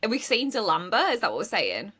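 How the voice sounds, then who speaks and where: A woman with a bright, clear voice co-hosts a podcast about books. She recounts the plot casually, with plenty of "like" and "um", and slips into the characters' voices as she goes. Her pitch sits at an ordinary middle level. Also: wildly swooping pitch, brisk. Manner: chatty retelling, many fillers, acts out characters' lines. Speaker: podcast co-host. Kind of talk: casual book chat.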